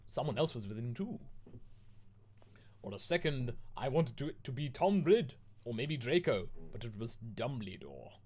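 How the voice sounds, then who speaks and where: Man from the UK, comic read-aloud host, animated swoopy pitch, mock-drama. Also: normal speed, slight background noise. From United Kingdom. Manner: mock-dramatic, lively delivery. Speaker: host reading fanfiction aloud.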